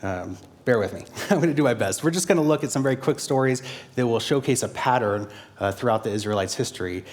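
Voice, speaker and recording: A man's voice: mid-range voice, darkish tone. A male guest pastor delivers a sermon in a mid-range voice. He talks conversationally and often stops to correct himself. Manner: conversational, with frequent fillers and self-corrections.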